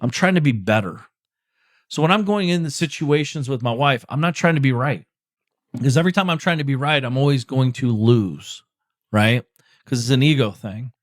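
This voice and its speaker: A man's voice: medium pitch, normal speed, dry recording, studio quality. Blunt, cursing man talking straight. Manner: loose, rambling delivery with restarts and "like", "you know". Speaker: podcast host. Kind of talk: solo podcast monologue.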